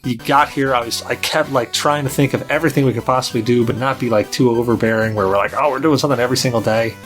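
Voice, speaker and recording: A man hosting a casual podcast, talking in a loose, rambling way full of restarts and fillers. His voice sits at an ordinary middle pitch, and faint music plays under him. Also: steady tone, fast. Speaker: podcast host.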